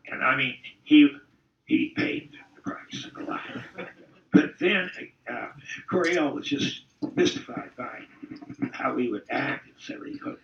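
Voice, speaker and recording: Gravelly and mid-range, this older ex-football player's voice is animated but a little slow. He chuckles through rambling, salty stories during a casual interview, captured by a distant, dull-sounding recording with a roomy feel.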